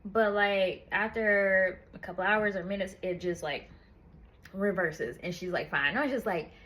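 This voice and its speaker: A woman's voice: mid-range voice, a little slow, fairly bright tone. A woman in a casual book review chat, retelling the story in a chatty, profane way with lots of "like".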